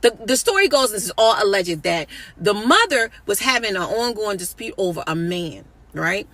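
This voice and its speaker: A woman comedian tells a story to her listeners with bluntness and open indignation, swearing freely. Her voice is bright and forceful, and it sits at a middle pitch. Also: lively intonation, moderate pace, no room sound. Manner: blunt, indignant, profane, addresses listeners directly. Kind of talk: storytelling commentary.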